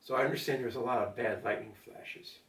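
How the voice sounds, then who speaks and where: A man's voice: medium pitch, fairly quick, a bit bright. An older man talking casually at home in a rambling monologue, with lots of fillers and asides to his cat. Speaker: vlogger. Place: at home during a power outage. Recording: roomy echo, mic at a distance.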